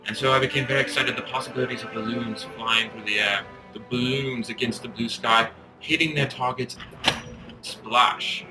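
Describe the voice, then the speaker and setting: A man's voice: mid-range voice, fairly even intonation, normal speed, loud music behind the voice, poor audio. A young man in his twenties, a cinematographer speaking enthusiastically in a documentary interview.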